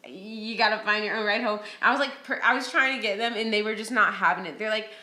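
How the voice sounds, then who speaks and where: Bright, blunt woman in an echoey room. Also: mid-range voice, fast talker. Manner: blunt, profane, animated storytelling. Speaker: podcast co-host. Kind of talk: casual storytelling chat.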